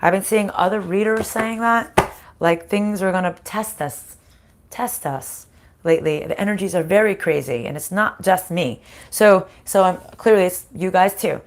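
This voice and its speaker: A woman's voice: on the low side, moderate pace. A woman with a scratchy voice leads a live-streamed spiritual card reading. She talks in a casual, chatty way, laughs often and swears now and then. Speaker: card reader.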